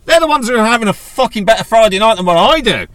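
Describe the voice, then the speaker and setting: A man's voice: high voice, quick pace, a bit bright, no echo. A man with a sweary, sarcastic manner, ranting casually in a vlog. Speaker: vlogger. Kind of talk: casual rant.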